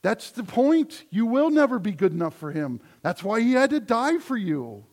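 A male pastor preaching a sermon, emphatic, moving between loud declarations and soft asides. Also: very high-pitched, big pitch swings, normal speed.

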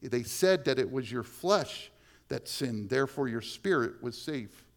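A pastor preaches with animation, his mid-range male voice swinging between slow, hushed lines and loud, emphatic ones.

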